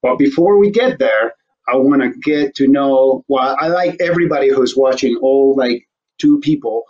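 A man's voice: mid-range voice, moderate pace. Joking male host, slightly dull audio. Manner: joking, rambling, laughs often. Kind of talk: casual interview chat.

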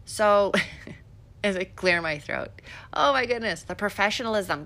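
A woman's voice: fairly low pitch, normal speed, a bit bright. A middle-aged woman from Illinois hosting a podcast, giving chatty, sarcastic political commentary with many fillers. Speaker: podcast host.

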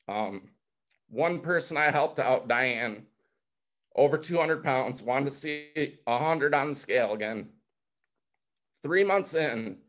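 A man's voice: medium pitch, fairly bright tone. Emotional man in his forties, fired up. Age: 40s. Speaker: guest speaker. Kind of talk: motivational testimony on a video call.

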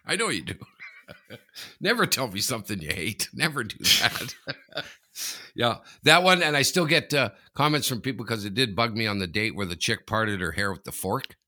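A man co-hosting a casual podcast over a remote line, rambling through stories, often laughing and jumping up in pitch. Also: moderate pace. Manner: animated, laughing, rambling storyteller. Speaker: podcast co-host. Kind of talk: casual chat.

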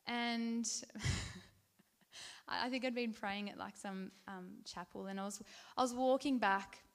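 Higher-voiced woman sharing an earnest testimony. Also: fairly bright tone. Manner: conversational, storytelling with fillers and restarts; earnest and heartfelt. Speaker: Christian speaker. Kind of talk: personal testimony in a devotional talk.

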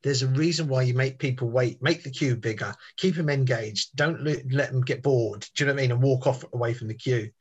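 Husky chatty man telling stories. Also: medium pitch, a little fast, few pauses, highs cut off. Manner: chatty, rambling with restarts and tangents. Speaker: podcast guest. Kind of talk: casual storytelling chat.

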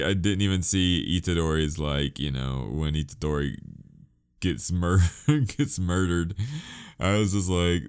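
A man's voice: a bass voice, unhurried, clean tone. A young man hosting a podcast on his own, chatting casually, rambling off on tangents and poking fun at himself. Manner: rambling, self-mocking, goes off on tangents. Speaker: podcast host. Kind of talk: casual solo podcast chat.

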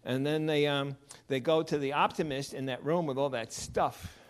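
A man's voice: on the high side, steady tone, moderate pace, clear, resonant tone. Conversational male pastor preaching. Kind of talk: sermon.

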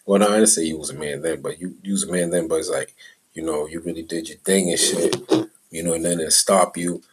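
Husky low-voiced man rambling casually. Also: fairly even intonation, fairly quick, low-quality recording. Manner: loose, profane street talk, drifting between mumbles and heated rants. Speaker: podcast host.

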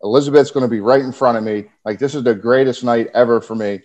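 A man's voice: mid-range voice, fairly even intonation, quick pace, darkish tone. A man who is a former pro wrestler, a podcast guest telling stories casually and animatedly, often laughing as he talks. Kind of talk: casual storytelling. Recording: muffled lo-fi podcast audio.

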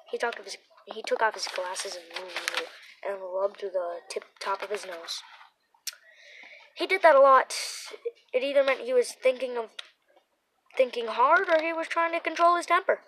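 A woman's voice: a little high, moderate pace, a bit bright, poor audio. Woman reading a children's story aloud. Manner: reads with small restarts and repeated words. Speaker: narrator. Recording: faint background noise.

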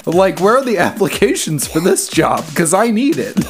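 A woman's voice: fairly low pitch, very animated, faint music behind. A woman co-hosting and editing a casual podcast, asking incredulous questions. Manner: incredulous, questioning, talks fast at times. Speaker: podcast co-host and editor. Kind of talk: casual banter.

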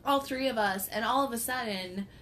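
A woman co-hosting a podcast, telling a story in an animated way, laughing often and swearing casually. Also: on the high side, normal speed, a little hiss or hum. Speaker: podcast co-host.

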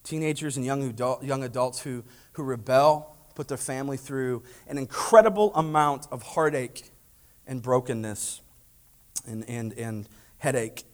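A man preaching a sermon, telling a lively story and acting out family dialogue, then asking the congregation direct questions. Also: medium pitch, a little slow. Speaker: pastor.

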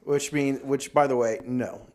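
A man in casual podcast chat, a stand-up comic trading stories. His pitch sits in the middle, and he talks loosely, swearing freely and slipping into quoted voices of other people. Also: fairly even intonation, moderate pace, darkish tone. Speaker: podcast host and comedian.

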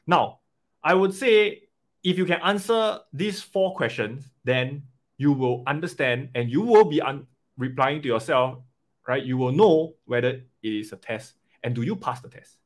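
A man coaching an investing webinar live, animated and often checking in with "right?" and "okay?". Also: mid-range voice, a little slow.

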